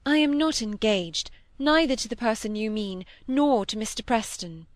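Distressed young woman, high-strung and pleading, voiced by a woman in a dry storybook reading. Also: animated, normal speed, no room sound, close to an everyday voice. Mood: distraught. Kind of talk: audiobook character reading.

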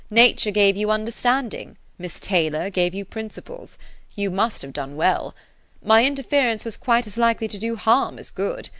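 A woman voicing an earnest, affectionate gentleman who gently reproves the woman he loves, in an audiobook reading. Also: medium pitch, dry recording, close to an everyday voice.

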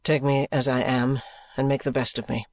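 A man's voice: mid-range voice, flat delivery, moderate pace, no echo, lightly acted. A man voicing an earnest, troubled young man in an audiobook, pleading and sincere. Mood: rueful. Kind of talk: audiobook character reading.

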